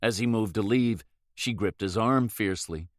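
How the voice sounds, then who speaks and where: In a lowish voice, a man delivers scripted audiobook narration at a steady, measured pace. The studio-quality recording has no echo.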